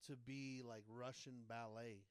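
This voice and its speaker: A young man on a comedy podcast, giving loose directions and rambling in a casual way. His voice is smooth and clear. The studio microphone gives a close, dry sound. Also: mid-range voice, level tone, a little slow, dry recording.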